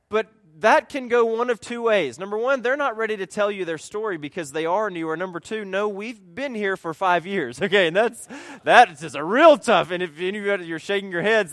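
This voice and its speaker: Male preacher, slightly high voice, dry close sound, animated, shifts from loud and playful to soft and earnest. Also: no room sound. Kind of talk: sermon.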